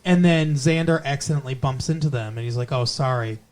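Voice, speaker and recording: A man's voice: fairly high pitch, fast, a little mellow, slight background noise. A man co-hosting a podcast, recapping an episode in a rambling, casual way with many fillers. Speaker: podcast co-host.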